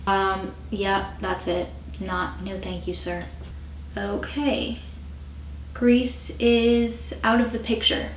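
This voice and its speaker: A woman's voice: mid-range voice, fairly even intonation, slow pace, slight background noise. A woman in her twenties vlogging in a chatty, self-mocking way and swearing freely. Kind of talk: casual chat to camera. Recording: roomy echo.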